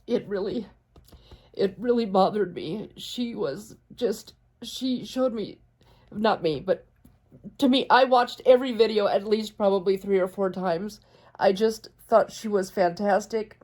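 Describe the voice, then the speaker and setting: A woman's voice: medium pitch, moderate pace, a little mellow. A woman chatting casually as she sews a quilt, rambling and talking to her cat, tearful at times. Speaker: quilting vlogger. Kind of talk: casual chat while sewing.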